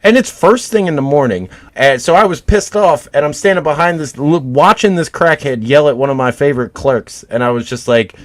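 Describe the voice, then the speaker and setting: A man's voice: a little high, lively intonation, a little fast, few pauses. Crude, profane man telling a story. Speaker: podcast co-host. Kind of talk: casual comedic podcast chat.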